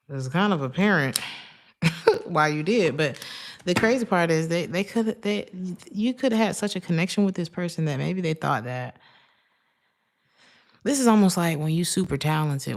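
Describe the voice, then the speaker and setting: Low-voiced woman giving a chatty tarot reading. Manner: chatty, laughs often, drifts into asides. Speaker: tarot reader.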